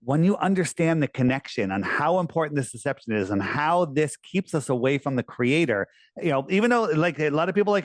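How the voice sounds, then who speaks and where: A man in a casual interview who talks in an animated, persuasive way and often restarts his sentences. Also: a little high, fairly quick, dry recording. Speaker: interviewee, flat-earth promoter.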